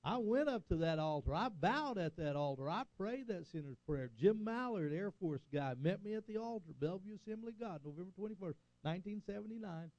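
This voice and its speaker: An older man preaching from the pulpit, his voice gravelly and mellow. He swells and drops for emphasis and keeps asking the room for an "Amen?". The sound is dry and a little dull, as from a dull, lo-fi recording. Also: high voice, animated, brisk, few pauses, no room sound. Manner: preaching, rising and falling emphasis, call-and-response "Amen?". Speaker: pastor. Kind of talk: sermon.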